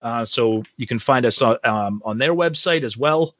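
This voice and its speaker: A man co-hosting a podcast in easygoing casual chat, halting with fillers. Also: mid-range voice, a bit bright, no echo. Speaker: podcast co-host.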